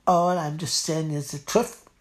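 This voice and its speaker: A woman's voice: low-pitched, steady tone, measured pace. A woman playing a blunt, chatty auntie in a comedy sketch. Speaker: comic auntie.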